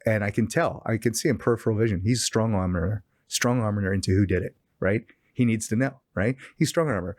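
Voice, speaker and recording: Recorded dry and clean in a studio, this middle-aged man has a voice on the low side. He's a guest on a podcast, telling a story in relaxed chat and animatedly delivering quoted dialogue in a raised voice.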